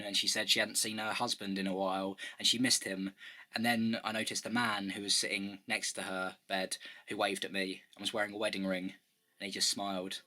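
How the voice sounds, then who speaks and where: A man's voice: fairly low pitch, fast, bright, forceful tone. A man giving a comic storytelling monologue in a wry, dry delivery.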